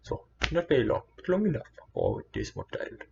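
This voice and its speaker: A man's voice: medium pitch, huge pitch swings, moderate pace, vocal fry, dull audio, slight background noise. A man telling a personal story in a meandering, earnest way, often correcting himself. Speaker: storyteller vlogger.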